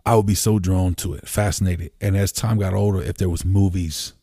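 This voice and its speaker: Pennsylvania guy rambling thru stories, low mellow voice, dry close sound, lots of you-knows. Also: fairly even intonation, brisk, breathy edge, no echo. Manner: rambling, lots of "you know" fillers, swears casually. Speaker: podcast guest. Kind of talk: casual storytelling conversation. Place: home room.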